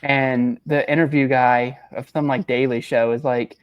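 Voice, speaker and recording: A man's voice: mid-range voice, smooth, no echo. A man co-hosting a sports podcast, chatting casually and telling stories with acted-out quotes. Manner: animated storyteller, quick laughs, acts out quotes. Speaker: podcast co-host. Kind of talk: casual chat.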